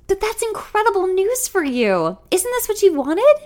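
A woman voicing an excitable young female coworker who gushes in a high, squealing voice. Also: normal speed, full character voice. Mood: thrilled. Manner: gushing, squealing.

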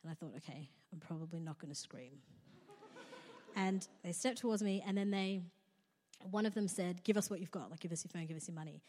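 A woman's voice: mid-range voice, sing-song, brisk, warm tone. A young woman giving a sermon in a church hall, telling a personal story in a casual, conversational way with touches of humor. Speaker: guest speaker. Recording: long reverb of a large hall.

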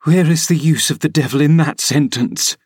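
A man narrating an audiobook voices a sickly, spoiled teenage boy who speaks in a prim, taunting manner, pitching his delivery above his natural voice. The result is fairly high, darkish and slightly rough at a moderate pace, recorded dry with clean studio sound.

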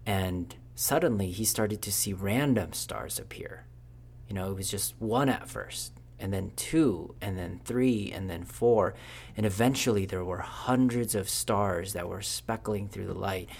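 A man telling a made-up story off the cuff, loose and conversational. His voice sits fairly low with a gravelly edge, and he keeps going with filler words between beats. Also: a little slow, a little mellow. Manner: casual, unscripted, with fillers. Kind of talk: improvised storytelling.

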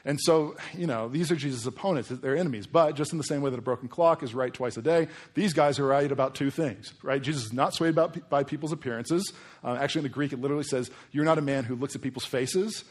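Casual, animated male preacher. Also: medium pitch, fast. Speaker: pastor. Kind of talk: sermon.

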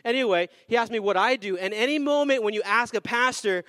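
A man's voice: very high voice, brisk, fairly bright tone, dry recording. A young adult man preaching a sermon as a pastor, emphatic with call-and-response cries, tired and a little out of breath.

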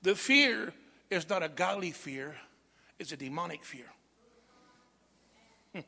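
A middle-aged man preaching a sermon, animated, with call-and-response asides to the congregation. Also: high voice, takes it slowly, vocal fry, in a large hall. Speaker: pastor.

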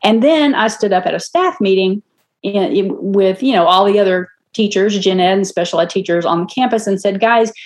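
A woman's voice: mid-range voice, a little fast, darkish tone. A woman, a special education teacher co-hosting a casual podcast, telling classroom stories with frequent laughter and acted-out quotes. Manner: storytelling, laughs often, acts out quotes.

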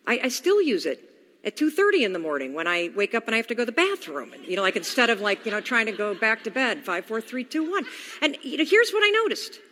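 Animated woman speaker in a reverberant hall. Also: a little high, fast. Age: 40s. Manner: animated storytelling, acts out her own inner dialogue. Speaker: motivational speaker. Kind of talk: motivational talk.

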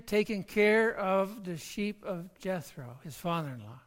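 Slow, emphatic sermon preacher; repeats words for stress; church-hall reverb. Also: medium pitch, lively intonation. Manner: emphatic, repeats words while building a point. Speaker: pastor.

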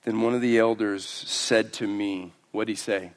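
A man preaching a sermon, his delivery moving between quiet, slowed passages and loud, emphatic bursts. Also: lowish voice, steady tone. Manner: swings from hushed and slow to loud and emphatic. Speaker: pastor.

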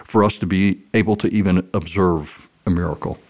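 Guy with a lowish voice telling a story on a podcast, earnest and animated. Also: moderate pace. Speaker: guest speaker. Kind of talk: casual storytelling in an interview.

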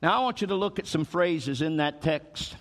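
A man preaching a sermon to a congregation, rising to emphatic peaks and drawing out slow, weighty phrases. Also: a little high, animated, big-room sound. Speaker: pastor.

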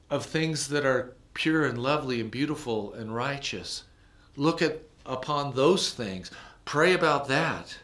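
A man preaching a sermon, moving between loud emphatic passages and hushed, low ones. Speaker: pastor.

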